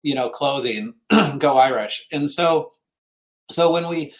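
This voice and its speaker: Man, earnest webinar presenter, mid-pitched voice, clears throat now and then. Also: takes it slowly. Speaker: co-author presenting on fundraising.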